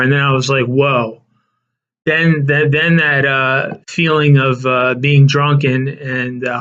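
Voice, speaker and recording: A man's voice: medium pitch, a bit bright. A man telling a personal story in a loose, rambling way, full of fillers and restarts. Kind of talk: casual spoken storytelling. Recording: dull lo-fi recording.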